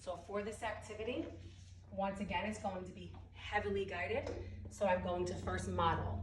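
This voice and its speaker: A woman's voice: mid-range voice, fairly even intonation, normal speed. A woman instructor walks teachers through an early-reading lesson step by step, over-enunciating each sound when she models the drills. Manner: clear step-by-step explanations. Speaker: literacy instructor. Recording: roomy distant audio with ambient noise.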